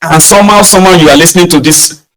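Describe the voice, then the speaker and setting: Animated Nigerian man with a fairly high voice. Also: racing, low-quality recording. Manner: animated, emphatic, ends points with "oh". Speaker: online commentator. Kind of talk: opinion commentary.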